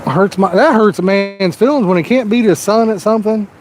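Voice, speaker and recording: A man's voice: sits high, a little fast. A middle-aged man with a Southern US accent, hosting a fishing livestream outdoors by the water in a folksy, joking way. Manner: folksy, joking, corny one-liners. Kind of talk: casual live-stream chat.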